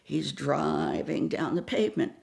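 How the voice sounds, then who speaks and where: An older woman from the New York area tells a story with a fair bit of gravel in her fairly low voice. She acts out every character and drops to a hush at the tense moments. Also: huge pitch swings, measured pace. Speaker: guest storyteller. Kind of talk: animated anecdote telling.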